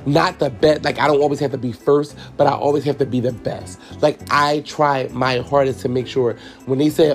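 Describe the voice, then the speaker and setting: A young man with a gravelly, creaky voice who talks to his listeners as y'all. He tells a personal story frankly and emotionally, swearing freely and without any polish. Faint music plays underneath. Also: medium pitch, fairly even intonation, normal speed, few pauses. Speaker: podcast host and hairstylist.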